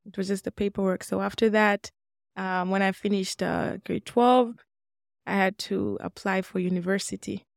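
A woman's voice: mid-range voice, fairly even intonation, moderate pace, gravelly, dry recording, studio quality. A woman in her twenties from Congo, a guest telling her life story in an interview and acting out remembered dialogue. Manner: earnest, acts out remembered dialogue. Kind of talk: personal storytelling in a podcast interview.

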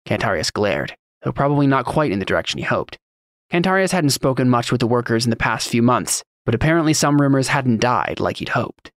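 Guy reading a fantasy audiobook, steady and even, dead dry close sound. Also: medium pitch, a little fast, dry recording. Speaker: narrator. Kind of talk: audiobook narration.

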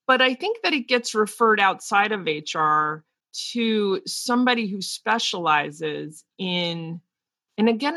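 A woman with a pushed, bright mid-range voice co-hosts a podcast, recorded with no room sound. She's a teacher who speaks frankly and at length in casual conversation, with many restarts.

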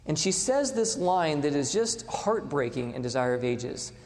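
Male preacher, animated delivery, swings loud to hushed; long hall reverb. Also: a little high, a little slow. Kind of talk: sermon.

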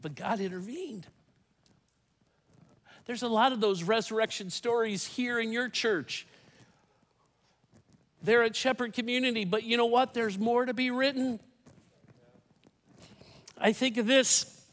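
A man in his fifties preaches a sermon in a church, his notably high voice carried by a long hall reverb. He tells stories in a folksy way and drops in humorous asides. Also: measured pace, long pauses, fairly bright tone. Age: 50s. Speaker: pastor. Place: church sanctuary.

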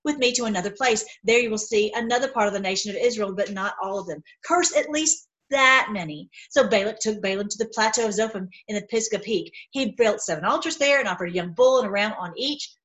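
A woman's voice: mid-range voice, brisk, hardly any pauses, fairly bright tone, rough recording. A woman reading Bible passages aloud and breaking off into fervent, rambling commentary. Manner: fervent, rambling asides, says y'all. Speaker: online Bible teacher.

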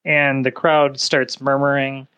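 A man narrating a tabletop game as game master, describing scenes in a casual, unhurried way. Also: mid-range voice, flat delivery, a bit bright, clean tone, dull audio.

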